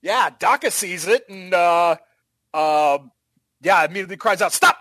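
A man's voice: sits high, moderate pace, a bit bright, dry recording, poor audio. A man running a tabletop game as game master, rambling and sarcastic, with casual swearing.

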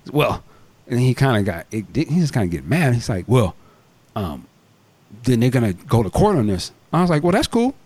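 A man's voice: mid-range voice, expressive, moderate pace, darkish tone, husky, no echo. A man casually telling a story on a podcast, laid-back and slangy, acting out both sides of a phone call. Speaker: podcast co-host.

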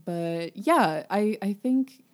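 A young adult woman co-hosting a podcast in casual chat, animated and gushing. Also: takes it slowly. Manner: animated, gushing, acts out quotes in a high voice. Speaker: podcast co-host.

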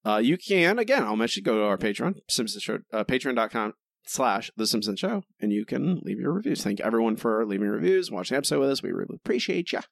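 A male podcast host with a lively, swinging delivery, reading reviews with wry asides. His voice is close and dry, with no room sound. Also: mid-range voice, fast talker, gravelly, dry recording. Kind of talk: casual chat reading listener reviews.

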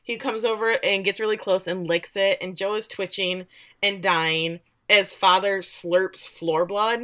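A woman's voice: medium pitch, unhurried. A middle-aged woman casually recapping a show, telling it animatedly and acting out the quotes. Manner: animated storytelling, acts out quotes with laughs. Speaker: podcast co-host recapping a show.

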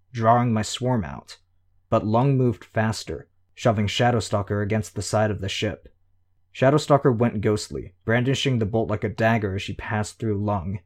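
A man reading a novel aloud in an even, measured first-person narration. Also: lowish voice. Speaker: audiobook narrator.

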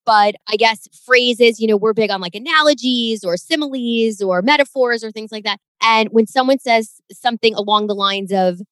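A woman's voice: a little high, moderate pace, few pauses, dry recording, poor audio. A middle-aged woman co-hosting a casual podcast, emphatic and exasperated as she complains about grammar slips. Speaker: podcast co-host.

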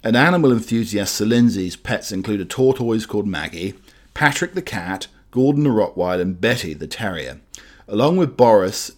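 A man hosting radio, chatting and reading news items in a rambling, hesitant way with many fillers. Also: fairly low pitch. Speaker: radio host.

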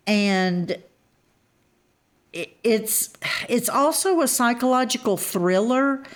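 A woman co-hosting a casual book chat, measured and thoughtful, gently teasing. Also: a little high, expressive. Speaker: co-host.

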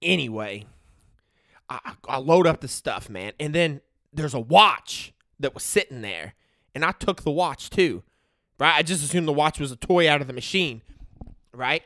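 A man's voice: fairly high pitch, lively intonation, normal speed, pushed and bright, no room sound, clean studio sound. A man in his thirties telling a comic story in a slangy way, checking in with the listener all the time. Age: 30s.

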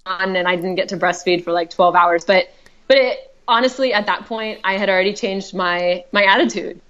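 A woman's voice: medium pitch, normal speed, fairly bright tone, lo-fi sound. A woman telling her own story as a podcast guest, chatty and heartfelt, with many fillers and restarts. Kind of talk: personal storytelling.

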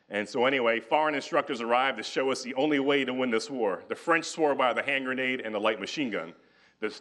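A man's voice: mid-range voice, a bit bright. A man giving a military history lecture to a live audience, talking conversationally with joking asides and casual paraphrases of historical figures. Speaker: guest lecturer.

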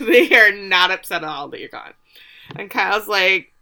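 A woman's voice: medium pitch, moderate pace. A woman co-hosting a casual podcast, recapping an episode and acting out the characters' lines. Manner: animated, acts out characters' lines. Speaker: podcast co-host.

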